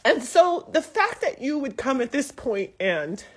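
A woman's voice: sits high, big pitch swings, a little slow. A woman in her forties speaking casually and emotionally from her living room, defending her family in a rambling live video. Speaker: mother addressing the public.

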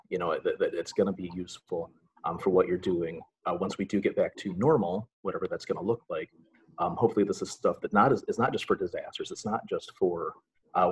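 A man's voice: low voice, breathy edge, low-quality recording. A middle-aged man, a college English instructor, giving a casual webinar presentation in a chatty way, full of filler sounds and dry sarcastic asides.

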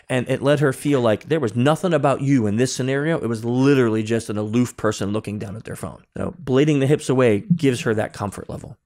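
Man, podcast guest, lively storytelling, acts out quotes, remote call. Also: mid-range voice, fast talker, hardly any pauses. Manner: animated, acts out dialogue, many restarts. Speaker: guest, security consultant. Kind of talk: conversational storytelling.

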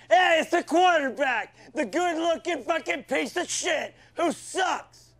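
Man doing a foul-mouthed football coach, very high voice, gravelly edge, yelling, comedy sketch. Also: exaggerated voice. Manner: yelling insults at players. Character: foul-mouthed abusive male football coach, hot-tempered.

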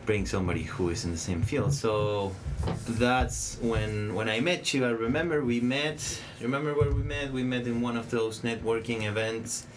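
A man's voice: medium pitch, moderate pace, hardly any pauses, music in the background. A man hosting a casual interview podcast, speaking with a Spanish accent and plenty of fillers and restarts. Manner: hesitant, many fillers and restarts. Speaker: podcast host.

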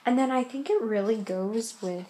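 A woman's voice: a little high, normal speed, mellow, slight background noise. A young adult woman chatting to the camera in a casual vlog, rambling with lots of fillers. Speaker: vlogger.

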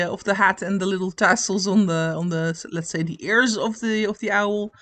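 A woman's voice: medium pitch, a bit bright. Giggly, chatty woman gushing over crafts. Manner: chatty and giggly, with frequent 'uh' pauses; enthusiastic, piling on cute and cool. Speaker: crochet channel host. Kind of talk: casual commentary over pattern pictures.

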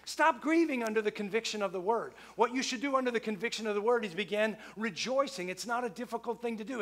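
A middle-aged man with a high voice preaches a sermon to his congregation. He keeps it conversational and leans on repeated phrases for emphasis. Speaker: pastor.

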